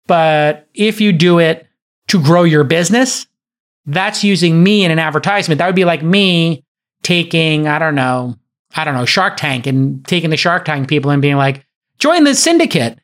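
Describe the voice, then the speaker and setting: Man, fairly high voice, podcast host, emphatic storyteller, acts out quotes. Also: normal speed, fairly bright tone. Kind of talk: animated casual chat, telling a story.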